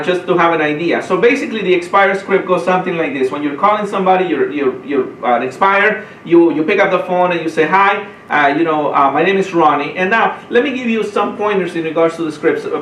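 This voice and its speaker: A man with a high, quick voice runs a real estate training session, piling up restarts and tag questions like "right?". He sounds roomy and a little distant from the mic, with a faint rumble underneath. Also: a bit bright. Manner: fast, repetitive, says "right?" often. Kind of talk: training talk.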